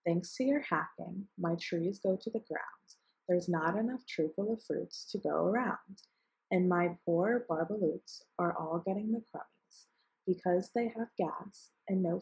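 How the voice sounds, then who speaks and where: A woman's voice: fairly low pitch, creaky, a little mellow, breathy edge, full character voice, low-quality recording. A woman reading aloud the lines of a grumpy little forest creature who scolds and complains as he guards the trees. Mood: scolding.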